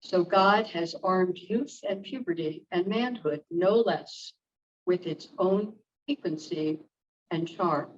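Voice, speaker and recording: Woman reading aloud from across the room. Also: on the low side. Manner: careful reading with occasional stumbles. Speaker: group member reading aloud. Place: church meeting room. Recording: distant, dull room recording with faint noise.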